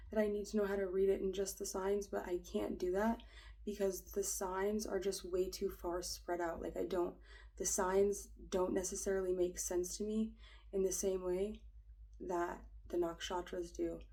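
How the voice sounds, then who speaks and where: A woman's voice: mid-range voice, little pitch movement, moderate pace, warm tone, poor audio. A young woman reading an astrology chart aloud in a casual, rambling way, hesitant and full of fillers, often dropping to a whisper. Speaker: astrology reader.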